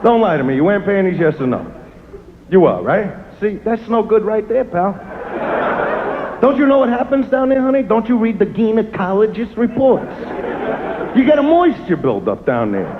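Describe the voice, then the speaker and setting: A man's voice: sits high, big pitch swings, normal speed, narrow, tinny audio, noisy background. A male stand-up comedian doing crude, brash crowd work with a swaggering manner on a stage before a large live audience.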